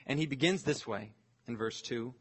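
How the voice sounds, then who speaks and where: A man, a pastor, preaching an earnest expository sermon, slowing down to stress scripture phrases. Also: medium pitch, breathy edge.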